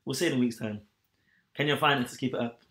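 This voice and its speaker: Guy cohosting a podcast, talks super fast, laughs a lot. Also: mid-range voice, fairly bright tone. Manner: quick, chatty, laughs often. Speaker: podcast co-host. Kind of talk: casual chat.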